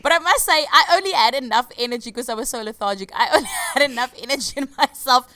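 A woman telling stories in a casual chat, animated and laughing often. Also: high voice, fast, no room sound. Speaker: radio co-host.

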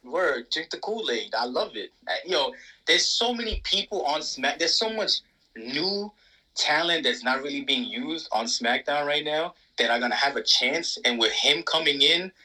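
A man co-hosting a casual wrestling chat, talking in an animated, profane, emphatic way. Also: fairly high pitch, moderate pace, rough recording. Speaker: podcast co-host.

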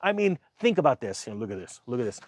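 A man's voice: medium pitch, very animated, quick pace, darkish tone, slightly rough, dry recording. A man giving a casual, sarcastic rant about the economy, mocking others in silly voices. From United States. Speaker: finance commentator.

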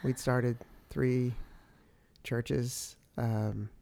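Forties male pastor, podcast co-host, reflective and affirming in relaxed spousal chat. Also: medium pitch, very slow, vocal fry. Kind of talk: casual conversation with spouse.

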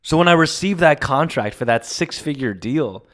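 A man's voice: on the high side, lively intonation, normal speed, few pauses, a bit bright. A man hosting a solo podcast, talking in an emotional, confessional and rambling way. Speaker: podcast host. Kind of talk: casual solo podcast monologue.

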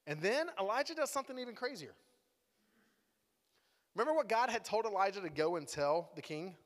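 A man's voice: high-pitched, lively intonation, a little fast, long pauses. A man giving a playful, dramatic sermon in a conversational tone, in a church hall. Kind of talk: lively sermon storytelling. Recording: echoey hall.

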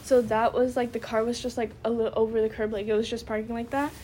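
A young woman co-hosts a casual podcast chat and rambles through her story, leaning on "like" in nearly every phrase. Her voice sits a little high. A faint hiss of noise runs under the recording. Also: level tone, quick pace, dark tone. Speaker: podcast co-host.

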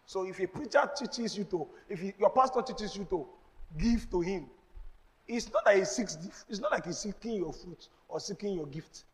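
A man's voice: high-pitched, expressive, normal speed. A man with a Nigerian accent, a pastor preaching a sermon with emphatic call-and-response to the congregation. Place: church. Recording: long reverb in a large hall.

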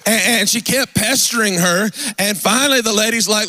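Man, revival pastor, fervent sermon, call-and-response asides, highish voice, dry close sound. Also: moderate pace, sharp tone, no room sound. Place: church sanctuary.

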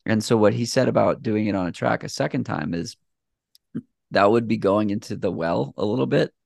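A man's voice: on the low side, brisk, creaky, a little mellow, dry recording, clean studio sound. A man talking as a podcast guest in easygoing, rambling casual conversation with plenty of fillers. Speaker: podcast guest, shoe reviewer.

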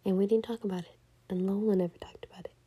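A young woman telling a personal story in a casual, hushed way, often half-whispering and full of "like". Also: mid-range voice, steady tone, rapid-fire, slightly rough.

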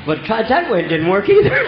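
Folksy old preacher man, lively high voice. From Oklahoma. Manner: homespun, rural grammar, animated. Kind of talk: folksy storytelling sermon. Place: church. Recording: echoey church room, dull lo-fi sound.

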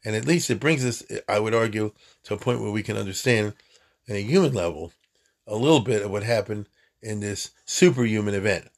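Gravelly man teaching Torah. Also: on the low side, fairly quick. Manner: animated, acts out voices, laughs at own jokes. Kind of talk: informal Torah talk.

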